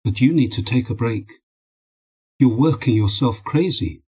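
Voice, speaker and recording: A man's voice: medium pitch, unhurried, slightly rough. A man reading a firm, weary wife. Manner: calm, firm.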